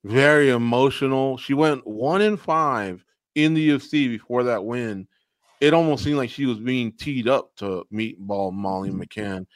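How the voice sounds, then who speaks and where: A man co-hosting a podcast, chatting casually about fights in an animated way and slipping into mock voices. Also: mid-range voice, a little slow, no echo, clean studio sound. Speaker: podcast co-host. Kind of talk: casual MMA recap chat.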